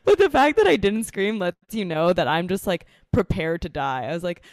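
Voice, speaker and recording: Speaking from the living room of her apartment, this young true crime podcast host keeps things casual, laughing often as she tells her stories with lively animation. Her voice leans low and her pace is fairly quick. There's no echo, and the audio sounds clean, like a studio.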